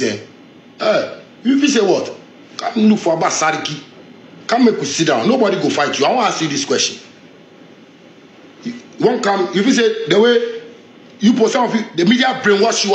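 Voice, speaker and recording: A man speaking Ghanaian Pidgin English lets loose a confrontational rant, his voice sitting high and swinging wildly up and down. He sounds heated and defiant, circling back on the same phrases. The sound comes from an echoey room. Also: fairly bright tone. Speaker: street figure in a viral video.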